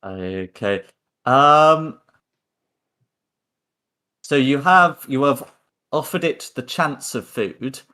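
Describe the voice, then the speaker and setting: A man's voice: medium pitch, animated, extremely slow, long pauses, sharp tone. A man acting as game master, narrating hesitantly with many ums and repeated words. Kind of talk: running a tabletop game.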